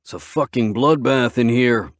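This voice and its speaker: A man doing a gruff biker club president. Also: medium pitch, moderate pace, no echo, studio quality, pitched above the performer's own voice, lightly acted. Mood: commanding. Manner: commanding, curt.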